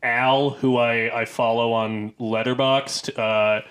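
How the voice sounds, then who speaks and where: A man's voice: medium pitch, steady tone, slow, fairly bright tone. A man co-hosting a film podcast in casual chat, rambling with many fillers and restarts. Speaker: podcast co-host.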